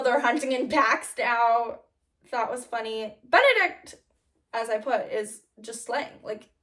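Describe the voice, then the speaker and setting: A young woman vlogger chatting casually and gushing about a show, with lots of fillers and quick laughs. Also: on the high side, a bit bright, far from the mic. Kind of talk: casual chat.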